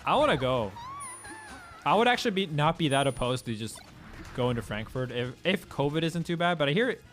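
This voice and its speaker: A man's voice: on the high side, very animated, brisk, fairly bright tone, faint music behind. Laid-back, slangy young man streamer. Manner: laid-back and slangy, swears freely, loose rambling delivery. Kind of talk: casual chat with viewers.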